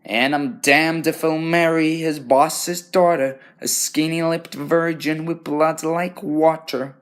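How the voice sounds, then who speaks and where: Young man doing a defiant young woman belting a show tune, pitched up and loud. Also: steady tone, takes it slowly.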